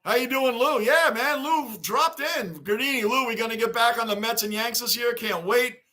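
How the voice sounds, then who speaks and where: At a moderate pace, a man with a very high, bright and forceful voice hosts a casual sports livestream. He reads fan chat, greets viewers by name and repeats his points as he chats loosely.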